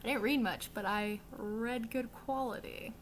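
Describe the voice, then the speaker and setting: A young book vlogger from the American South, with a Southern accent, rambles casually through a reading wrap-up, full of likes and ums and swearing now and then for emphasis. Her voice is fairly high with a steady tone at a measured pace, over slight background noise.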